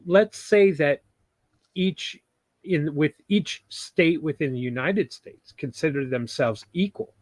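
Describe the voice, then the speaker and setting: A man's voice: medium pitch, no echo. A man co-hosting a casual podcast, explaining ideas in a loose, hesitant way with many restarts. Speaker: podcast co-host.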